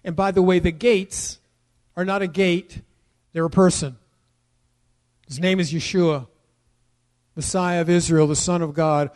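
A middle-aged man preaching a sermon, emphatic and building to loud declarations. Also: sits high, unhurried, pauses often. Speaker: pastor.

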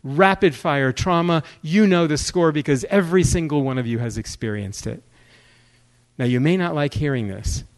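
A man's voice: a little high, poor audio. Impassioned man preaching a sermon. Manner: impassioned, dramatic swings between hushed and urgent. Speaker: guest preacher.

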